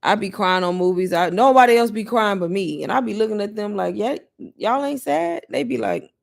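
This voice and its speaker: A woman's voice: mid-range voice, lively intonation, a little fast, gravelly. A woman hosting a casual live Q&A stream, chatty and laughing often, talking straight to her viewers as y'all. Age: adult mother. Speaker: livestream host answering viewer questions.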